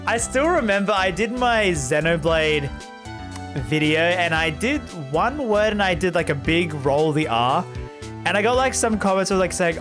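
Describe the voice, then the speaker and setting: A man's voice: sits high, big pitch swings, normal speed. A man streaming a game live, chatting loosely with his audience and laughing often between readings, over game music. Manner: rambling, laughing, talks to chat.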